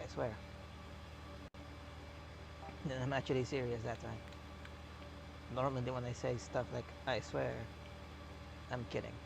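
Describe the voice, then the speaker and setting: A young man streaming a farming game, rambling with deadpan jokes and a sore, scratchy throat. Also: mid-range voice, measured pace, gravelly, long pauses. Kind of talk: casual gameplay commentary.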